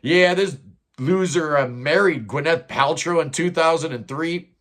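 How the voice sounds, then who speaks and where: A man's voice: on the high side, a little slow, a bit bright. A man hosting a music countdown, talking in a blunt, sarcastic way with plenty of "uh" and "man" thrown in. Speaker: music commentary host. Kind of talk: opinionated countdown monologue.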